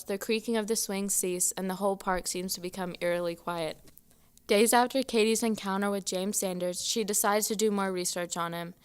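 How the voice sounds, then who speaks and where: A woman slowly reading her own ghost story aloud in a steady voice. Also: medium pitch, clean tone. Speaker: student reader.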